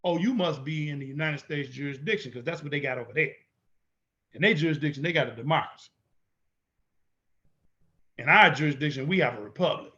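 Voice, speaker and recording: A man's voice: on the high side, a little fast, pauses often, bright, forceful tone, muffled recording. A man teaching in an emphatic way, repeating his points and asking rhetorical questions. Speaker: instructor. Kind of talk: teaching lecture.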